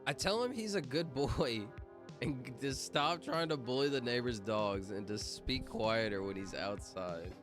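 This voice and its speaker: In a casual livestream with music behind him, a man talks to his viewers and spells out letters while playing a word game. His voice is medium-pitched and his pace is measured.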